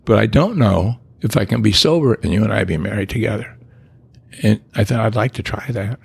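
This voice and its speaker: An older man telling his recovery story in a rambling, reflective way, with restarts and soft chuckles. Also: fairly low pitch, a little fast, gravelly, slightly rough, dry recording. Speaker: guest. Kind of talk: personal recovery story, conversational.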